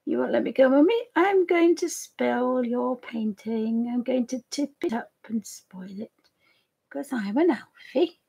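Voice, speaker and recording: Woman playing a restless, cheeky young puppy, high and husky; pet voice in a livestream. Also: expressive, a little slow, mellow, full character voice. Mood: naughty. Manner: cheeky, boyish first-person voicing. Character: mischievous young male puppy, restless and naughty.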